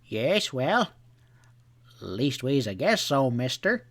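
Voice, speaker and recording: A dry, ironic frontier sheriff in an audiobook western, read by a man close to his own voice. He talks slowly, in an even middle pitch.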